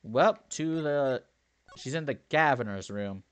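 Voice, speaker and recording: A man's voice: medium pitch, lively intonation, unhurried, clear, resonant tone. A man playing through a story game, reading the characters' lines in his own voice and breaking off to joke and theorize. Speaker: let's play commentator. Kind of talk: game playthrough reading dialogue aloud.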